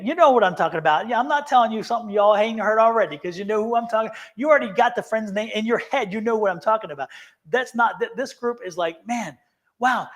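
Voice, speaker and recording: A man co-hosting a live tarot stream, talking in an earnest, emphatic way and often repeating himself. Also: high voice. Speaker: tarot reader, co-host. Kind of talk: casual live-stream chat.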